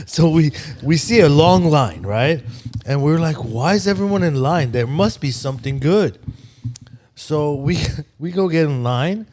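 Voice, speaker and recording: A man's voice: medium pitch, darkish tone. A man in casual podcast chat, animatedly telling stories and laughing through them.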